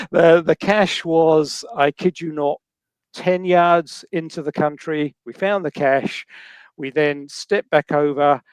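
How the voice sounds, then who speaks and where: Kiwi guy, bit high voice, rambling chatty storyteller, dry sound. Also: takes it slowly, clear, resonant tone, dry recording. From New Zealand. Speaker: guest. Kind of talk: casual podcast chat.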